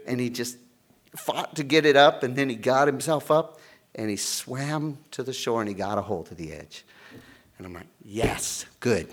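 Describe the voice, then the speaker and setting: This medium-pitched middle-aged man is a pastor preaching at a moderate pace, and his sermon leans on animated storytelling in which he voices the people he describes.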